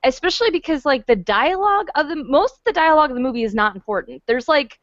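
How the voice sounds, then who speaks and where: A woman's voice: high-pitched, very animated, quick pace, a bit bright, no echo. A woman co-hosting a film podcast, chatting casually in a playful, wry way. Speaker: podcast co-host, film critic. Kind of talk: casual chat. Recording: dry, muffled lo-fi podcast audio.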